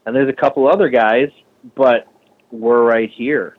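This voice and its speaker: A man from the Minneapolis area who runs a shop and builds bikes, talking casually and with lots of swearing, often acting out other people's lines in a higher voice. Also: steady tone, measured pace, phone-quality sound. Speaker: shop owner and bike builder. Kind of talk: casual podcast conversation.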